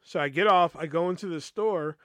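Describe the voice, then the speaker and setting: A man with a slightly high voice tells a story from his own life, rambling and swearing freely. He keeps dropping "you know" and stumbles over restarts as he replays old conversations. The sound is close and dry. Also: brisk, sharp tone, dry recording. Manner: profane, rambling, peppers speech with "you know"; retells past conversations with restarts and stammers. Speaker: podcast host telling a personal story. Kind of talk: casual storytelling.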